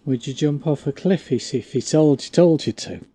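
A man's voice: fairly high pitch, normal speed, dark tone. A man co-hosting a casual chat, laid-back, giving short replies and trailing off mid-sentence. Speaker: co-host.

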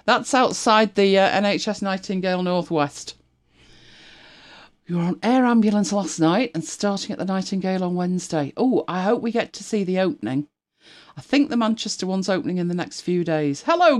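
A middle-aged woman hosts a casual live stream and chats freely with her viewers. Her pitch swings widely, rising and dipping as she talks. She laughs often and greets people by name while she hunts for pictures.

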